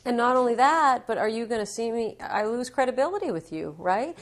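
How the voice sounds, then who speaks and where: Here the same author, interviewed in a local TV studio, sounds fairly high-pitched, expressive and fairly quick. She explains her ideas with fluency and acts out little examples as the conversation goes on.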